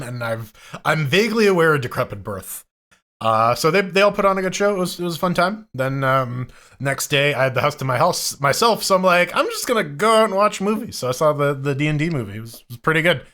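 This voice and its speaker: A man's voice: mid-range voice, bright, forceful tone. A man co-hosting a casual podcast, telling stories animatedly and acting out his own reactions. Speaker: podcast co-host. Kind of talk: casual chat.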